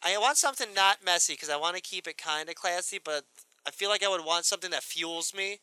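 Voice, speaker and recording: A man hosting a podcast in casual chat, his voice high and very bright. He jokes crudely and laughs often. The sound is dry and close. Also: brisk, clear, resonant tone, dry recording. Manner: crude, laughing, animated storytelling.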